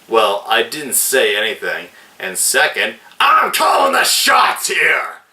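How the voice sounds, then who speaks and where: A man voicing a murderous, mocking male outlaw villain who shouts taunts and sneers. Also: medium pitch, lively intonation, a little slow, roomy sound, distant mic. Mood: shouting.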